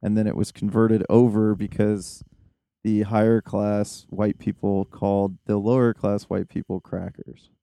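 A man hosting a podcast in casual chat, rambling and excitable with many fillers. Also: fairly low pitch, unhurried, vocal fry, clear, resonant tone, no echo, studio quality. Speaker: podcast host.

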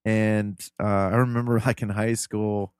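A man's voice: on the low side, little pitch movement, unhurried, smooth, no room sound, clean studio sound. A man from Ohio, a podcast guest, telling family stories in a loose, earnest, rambling way. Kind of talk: casual interview storytelling.

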